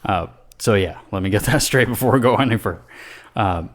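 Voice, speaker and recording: A man's voice: on the low side, a little fast. A man co-hosting a casual podcast, rambling with lots of fillers and swearing. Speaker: podcast co-host.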